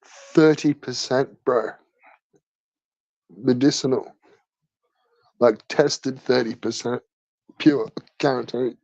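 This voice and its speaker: A man's voice: medium pitch, fairly even intonation, slow, creaky, pauses often, darkish tone, no room sound, muffled recording. A man hosting a livestream, chatting casually and crudely, swearing constantly in slangy banter. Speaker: livestream host.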